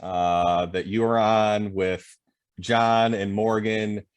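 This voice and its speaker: In this podcast interview, the male host is a self-employed consultant who talks in a blunt, conversational way and swears casually. He speaks slowly in a lowish, steady voice that is clear and resonant.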